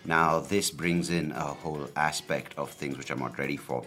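A man's voice: a bass voice, fairly even intonation, moderate pace, few pauses, bright, forceful tone. A man in his thirties hosting his own podcast, rambling casually with lots of fillers and offhand swearing. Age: 30s. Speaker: podcast host. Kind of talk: casual solo podcast talk. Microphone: camera and podcast mic.

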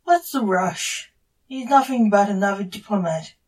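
A woman's voice: medium pitch, lively intonation, moderate pace, recorded from a distance, close to an everyday voice. A woman reading as a shy alien young woman. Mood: cool. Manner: soft, coy. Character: young female grey alien, shy, unimpressed at first.

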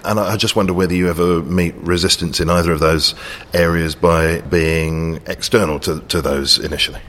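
A man interviewing a guest, asking measured, probing questions. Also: low voice, fairly even intonation, fairly bright tone.

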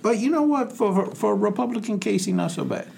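A man playing a portly, pompous gentleman colonel, drawling and boastful on a comedy podcast. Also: high voice, lively intonation, fairly quick, creaky, exaggerated voice. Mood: blustering. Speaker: podcast co-host. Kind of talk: comedic podcast character banter. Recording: light background noise.

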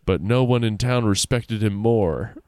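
A man's voice: on the low side, unhurried, darkish tone, dry recording, clean studio sound. A man reading a spooky story aloud in a casual way, with laughing asides.

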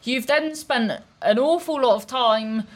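A woman comedian telling stories on a podcast in a quick, tumbling way, cutting herself off and restarting, laughing often. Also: a little high. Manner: quick, self-interrupting storyteller with frequent laughs. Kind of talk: casual chat.

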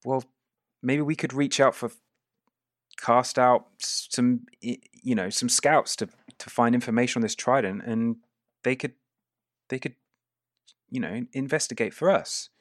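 A man's voice: mid-range voice, unhurried, pauses often, dry recording, clean studio sound, pitched above the performer's own voice, lightly acted. A man voicing a young boy who stumbles over his words with eager hesitance. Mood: hesitant.

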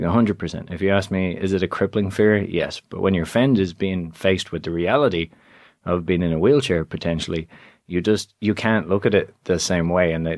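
A man from Ireland in his thirties tells stories as a guest in an interview. His voice sits a little low, and he talks in a lively, animated way, jumping into the voices of the people in his stories. The sound is dry and close. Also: no room sound. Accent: Irish. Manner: animated storyteller who acts out voices in quotes. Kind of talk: casual storytelling interview.

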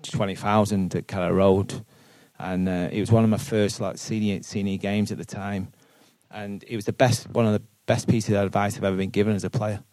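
A man's voice: on the low side, level tone, fairly quick, few pauses, darkish tone, no room sound. A man, a football manager answering questions earnestly at a live podcast, often repeating words as he thinks aloud. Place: boardroom with live audience.

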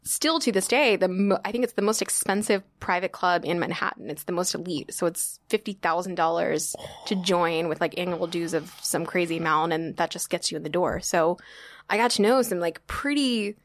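A woman's voice: lowish voice, normal speed, no echo. A woman in her thirties, a sommelier guest in an interview, telling her story in a chatty, casual way with lots of fillers. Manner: chatty, lots of "like" and "you know", laughs often.

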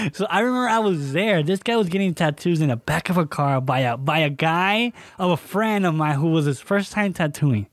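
A young man spins a story for his podcast, full of acted-out quotes and casual fillers. His voice sits a little on the high side. The sound is close and dry, with no room around it. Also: normal speed, no room sound. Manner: animated, acts out quotes with fillers. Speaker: podcast co-host.

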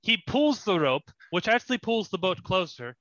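A man's voice: sits high, very animated, normal speed, a bit bright, no echo, highs cut off. A young man narrating as dungeon master of a tabletop game, in a casual, descriptive way. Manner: descriptive, laughs often, casual.

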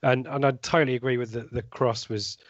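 A man's voice: medium pitch, fairly even intonation, fairly quick, dry recording, highs cut off. A man with a West Midlands accent, co-hosting a football podcast with enthusiastic chat. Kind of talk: casual match chat.

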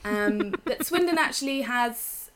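A woman's voice: a little high, expressive, unhurried. Rambling comic woman guest. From England. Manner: rambling, self-mocking, hesitant. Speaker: comedian guest. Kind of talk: casual comic chat.

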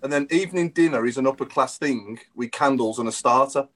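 A man's voice: medium pitch, brisk, a bit bright. A man leading a casual football chat and asking questions. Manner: steers the talk, asks questions. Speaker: podcast co-host.

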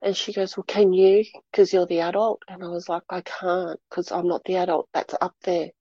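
Aussie woman, lowish mellow voice, dry dull lo-fi sound, halting retelling. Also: little pitch movement, breathy edge, no room sound. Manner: halting, repeats words while recounting. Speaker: interview guest. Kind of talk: personal story told in an interview.

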